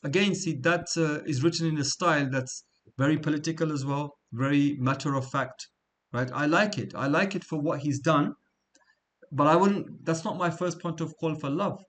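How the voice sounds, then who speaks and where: A middle-aged man teaching a class in an informal, conversational way, often checking in with "right?" and repeating himself as he talks. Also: a little high. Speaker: seerah teacher.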